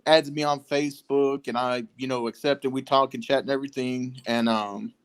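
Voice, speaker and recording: A man at a middle pitch tells a story on a casual podcast. His delivery is animated and easygoing. He keeps a relaxed, chatty tone throughout. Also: moderate pace, clean tone. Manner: animated storyteller, puts on voices for quoted people. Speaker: podcast co-host.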